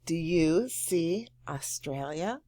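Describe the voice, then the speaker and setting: A woman teacher speaks very slowly to young children, her lowish voice swooping up on words of praise. She draws words out and hums while thinking. The sound is dry and close. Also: lively intonation, mellow, no room sound. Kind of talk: slow, encouraging lesson for young children.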